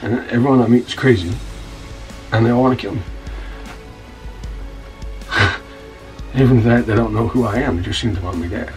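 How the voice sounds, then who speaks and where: A man plays a blunt, profane scoundrel spinning a rambling yarn, tripping over his own words. His mid-pitched voice sits away from the mic. Soft music runs behind him. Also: moderate pace, long pauses, recorded from a distance, natural voice, rough recording. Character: rough-talking scoundrel man telling a wild story. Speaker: narrator.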